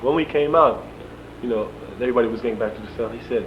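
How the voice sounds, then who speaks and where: A young man in an interview, recounting events in an animated way, chuckling often and acting out the dialogue. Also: mid-range voice, brisk. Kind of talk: storytelling in an interview. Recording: dull lo-fi archival tape with faint hum.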